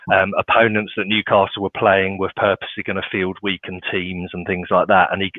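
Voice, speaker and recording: A man in his forties co-hosting a podcast, chatty and quick to laugh. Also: fairly low pitch, dry recording. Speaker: podcast co-host. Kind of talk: casual chat. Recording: tinny dry phone-line sound.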